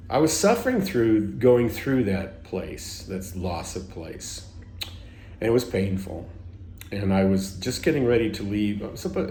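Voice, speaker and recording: A man's voice: on the low side, darkish tone, roomy sound, slight background noise. A man telling a personal story in a rambling way, with many restarts and self-corrections. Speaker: spiritual teacher.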